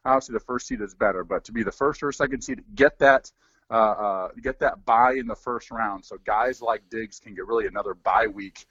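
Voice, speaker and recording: A man in his forties, a former pro football player, talking through sports in a relaxed, rambling way with many fillers. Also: on the low side, brisk, slightly rough, no echo, lo-fi sound. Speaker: former NFL player, guest analyst. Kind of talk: casual sports talk.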